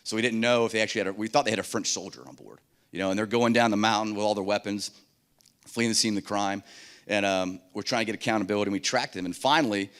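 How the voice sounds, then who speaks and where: Fast-talking man telling war stories. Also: on the low side. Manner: animated, acts out dialogue in voices. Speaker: keynote speaker. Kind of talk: keynote storytelling. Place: conference stage.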